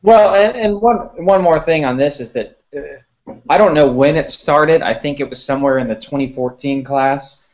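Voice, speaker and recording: A man's voice: fairly high pitch, moderate pace, darkish tone, lo-fi sound. A man who covers sports recruiting, chatting casually and restarting his sentences as he thinks. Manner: conversational, repeats words while thinking. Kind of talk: casual podcast chat.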